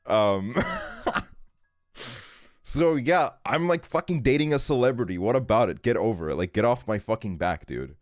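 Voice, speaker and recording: A man's voice: mid-range voice, lively intonation, moderate pace, no room sound, clean studio sound. A young man streaming a game, telling a casual story in a rambling way, full of fillers and swearing. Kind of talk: casual storytelling while gaming.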